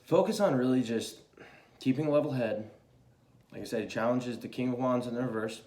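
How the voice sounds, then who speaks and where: A man's voice: medium pitch, brisk, dark tone, roomy sound. A young man giving a casual, chatty tarot reading, swearing freely and talking loosely. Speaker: tarot reader.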